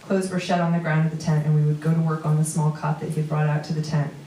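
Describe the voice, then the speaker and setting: A woman with a New York accent reading a personal prose piece aloud to a live audience, steady, with dry asides. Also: low voice, quick pace, distant mic, a little hiss or hum. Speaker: comedian reading a memoir piece. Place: small theater stage before an audience. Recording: roomy live venue recording from afar.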